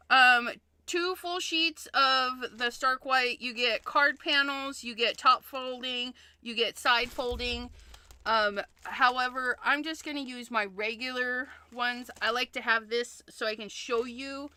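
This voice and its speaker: A woman's voice: high voice, slow pace, bright, forceful tone, clear, resonant tone. A woman hosting a card-making livestream in a casual demonstration, chatty and thinking aloud, often repeating herself.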